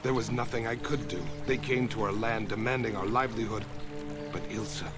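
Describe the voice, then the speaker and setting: A man's voice: fairly low pitch, steady tone, a little fast, music in the background, lightly acted. An actor playing a grieving middle-aged farmer father who speaks in a bitter, pleading way. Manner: pleading, accusing.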